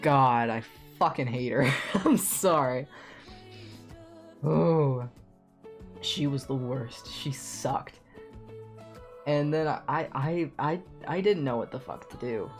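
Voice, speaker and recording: A young man streaming a game, telling an animated story in a casual rant full of swearing. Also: mid-range voice, slow, pauses often, faint music behind.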